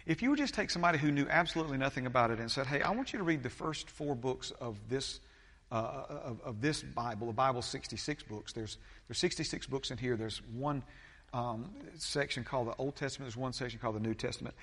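A pastor preaches in a halting way, stopping on fillers and starting phrases over. His voice sits at an ordinary middle pitch for a man. The sound carries a long reverb from the church hall around him. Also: fairly bright tone. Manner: halting, many fillers and restarts. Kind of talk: sermon.

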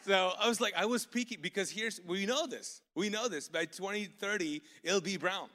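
A man preaching a live sermon as pastor, telling stories in an animated way with sudden loud outbursts of excitement. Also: sits high, normal speed. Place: large church auditorium. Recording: long hall reverb from live church service.

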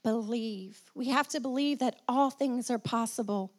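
High-voiced woman pastor preaching. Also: measured pace. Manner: preaching with call-and-response, repeating phrases for emphasis. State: slight cough. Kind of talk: sermon.

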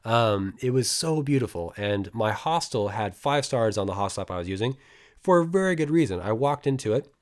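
A young American man tells a travel story in a casual, rambling way. His voice sits fairly low. He swears freely, restarts sentences often and acts out what people said. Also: brisk. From United States. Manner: rambling, profane, animated retelling with many restarts.

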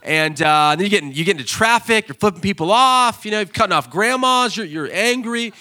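With a high-pitched voice and brisk pace, a man preaches as a pastor. He tells stories with animation, erupting loudly and excitedly whenever he acts a scene out.

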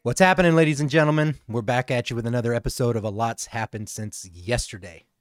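A man co-hosting a podcast, talking in a casual, excitable way and swearing freely. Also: mid-range voice, fast, no echo, clean studio sound. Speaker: podcast co-host. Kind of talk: casual chat.

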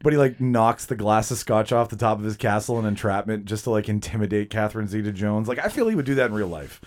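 A man hosting a casual podcast, joking crudely and slipping into quick impressions. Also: fairly low pitch. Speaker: podcast host.

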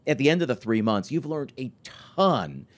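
Speaking at a normal speed in a medium-pitched voice, a forties-aged restaurant consultant and podcast host recounts stories during a conversational interview. His telling is animated and full of fillers and false starts.

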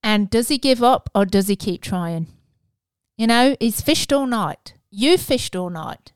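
A woman's voice: fairly high pitch, animated, unhurried, smooth, no room sound. Earnest woman giving a casual sermon. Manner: earnest, conversational, with fillers and restarts. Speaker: preacher.

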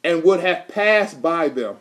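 A man's voice: on the high side, animated, slow pace, very noisy. A male preacher delivering a sermon, reading scripture aloud and quizzing his congregation with fill-in questions in an emphatic way. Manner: reads scripture aloud in King James wording.

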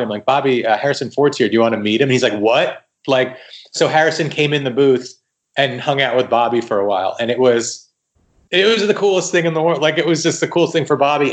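A guest writer on a podcast tells stories in a casual interview, animated and packed with quoted dialogue, frequently restarting his sentences. He has a mid-range voice and a quick pace.

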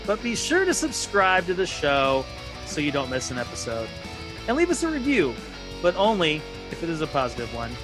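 A man hosting a fantasy sports podcast in casual chat, wrapping up the show with a brisk, upbeat sign-off. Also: on the high side. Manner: upbeat, brisk host read of the outro. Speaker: podcast host.

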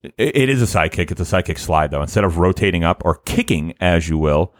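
A man chatting casually as a podcast co-host, laughing often and rambling with restarts, his voice a little hoarse from the morning. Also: deep voice, lively intonation, fast, dry recording, studio quality. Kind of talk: casual chat.

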